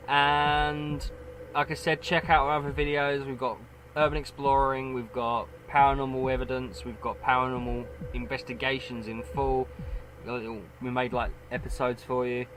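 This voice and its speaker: A man's voice: mid-range voice, level tone, moderate pace, a bit bright, a little hiss or hum, low-quality recording. A man co-hosting a casual chat, rambling and cutting himself off mid-sentence. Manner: rambling, self-interrupting. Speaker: co-host.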